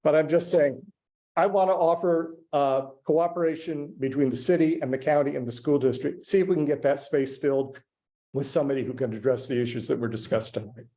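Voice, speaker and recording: A man giving halting public remarks to a school board, with many fillers and restarts. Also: on the high side, fairly even intonation, mellow. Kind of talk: public comment at a board meeting. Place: public meeting room.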